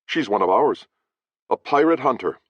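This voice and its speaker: A man voicing a gruff, blunt male sea captain who barks orders, in a dry, slightly dull recording. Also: mid-range voice, lively intonation, moderate pace, no room sound, voice pushed up. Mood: commanding. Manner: barking orders, short-tempered.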